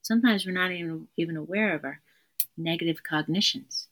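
Earnest woman therapist, low voice. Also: brisk, fairly bright tone. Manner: earnest, emphatic, repeats key phrases. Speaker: therapist and podcast guest. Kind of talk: conversational interview.

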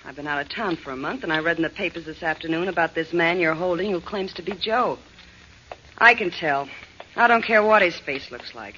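Crisp and cool, a guarded young woman who gives nothing away. Her tone is bright and steady. It comes through a dull old radio recording. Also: on the low side, brisk, a little hiss or hum. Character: cool, sharp-tongued young woman, a crook's girlfriend. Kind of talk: 1940s radio acting.

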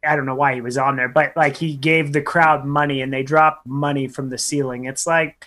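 Male radio co-host, mid pitch, casual, halting and repetitive delivery. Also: steady tone, bright, forceful tone. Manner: stumbling restarts, repeating words, plainspoken.

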